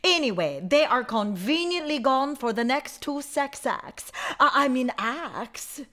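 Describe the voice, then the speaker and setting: A woman's voice: high-pitched, animated, a little slow, sharp tone, full character voice. A woman playing a lonely, flirtatious farm wife in a live stage parody, coy and melodramatic. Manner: breathy melodrama, coy double entendres. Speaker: stage comedian. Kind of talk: live musical-theater parody. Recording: reverberant theater with faint music.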